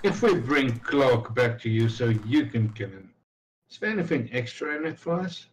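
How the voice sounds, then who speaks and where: A man playing a tabletop game, calmly suggesting plans in casual chat, heard from a distant, noisy mic. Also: medium pitch, moderate pace. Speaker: player.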